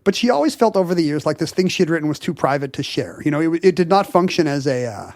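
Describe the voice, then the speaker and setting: A man with a slightly high voice tells a story in casual conversation, stumbling through fillers and quick restarts as he goes. His voice is recorded close and dry, with no room sound. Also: sing-song, darkish tone, dry recording. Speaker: podcast co-host. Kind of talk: casual chat, telling a story.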